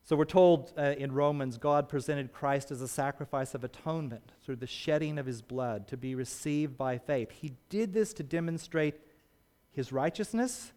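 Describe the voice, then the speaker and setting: A man's voice: a little high, normal speed, darkish tone. A man preaching a sermon. He speaks earnestly and leans hard on his key words.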